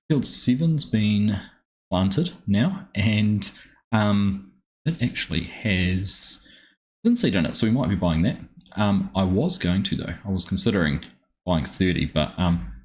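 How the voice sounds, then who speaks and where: A man streaming a farming game live, chatting easily and greeting viewers by name with plenty of ums. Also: on the low side.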